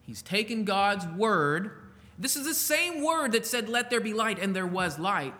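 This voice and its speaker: A man preaching a sermon, slowing down to stress quoted words and asking the listeners rhetorical questions. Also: high voice, animated, bright, forceful tone, big-room sound. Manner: slow, emphatic delivery with rhetorical questions. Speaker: pastor.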